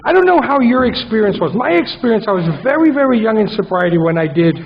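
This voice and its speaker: A man's voice: high-pitched, animated, fast talker, creaky, slight background noise. Man telling a self-mocking recovery story. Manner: self-mocking, rambling, comic asides. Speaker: speaker at a recovery conference. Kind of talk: conference talk. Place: large conference hall with an audience. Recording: dull recording in a reverberant hall.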